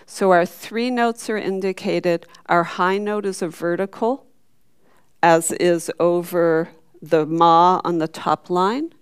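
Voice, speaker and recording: A woman's voice: lowish voice, fairly even intonation, slow, clean tone, no room sound, studio quality. A woman teaching a chanting class, patiently explaining marks and singing syllables for the group to repeat. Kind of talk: chanting lesson.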